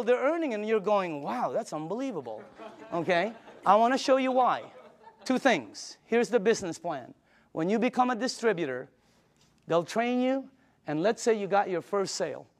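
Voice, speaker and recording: A high-pitched older man gives an excited sales presentation. He tells anecdotes with emphatic punchlines and a pushy, storytelling energy. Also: normal speed.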